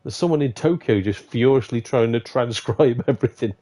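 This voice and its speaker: A man's voice: mid-range voice, fairly quick, warm tone. A man streaming a football manager game, chatting casually, muttering to himself and laughing often. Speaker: gaming streamer. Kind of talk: casual live gameplay commentary.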